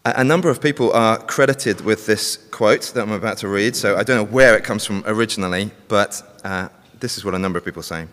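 A man's voice: lowish voice, a little fast, hardly any pauses, a bit bright. A man preaching a sermon, telling a story and asking the congregation questions. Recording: long hall reverb.

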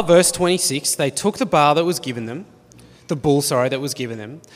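A man's voice: a little high, a bit bright. A man preaching a sermon, reading Bible passages expressively with dry humour. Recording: long reverb of a hall.

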